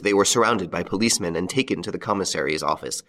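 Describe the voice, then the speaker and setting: A man narrating a classic crime story aloud in an expressive, dramatic way. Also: sits low, quick pace. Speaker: audiobook reader.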